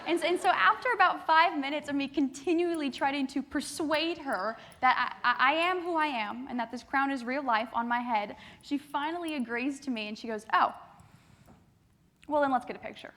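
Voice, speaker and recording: Young woman, keynote speaker, bright voice, lively storytelling with acted quotes, youth assembly. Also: sits high, moderate pace, few pauses. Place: large assembly hall.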